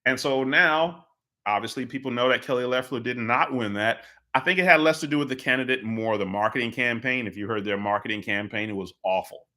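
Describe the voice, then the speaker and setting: A man with a bright, forceful voice hosting a live political commentary show. He talks emphatically, leans on repeated phrases and slips into quick impressions of the people he quotes. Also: mid-range voice.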